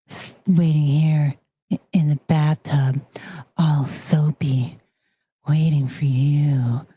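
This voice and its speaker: A woman voicing a teasing adult phone-sex operator in a low, breathy, partly whispered purr. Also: dark tone, full character voice. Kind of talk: comic mock seduction.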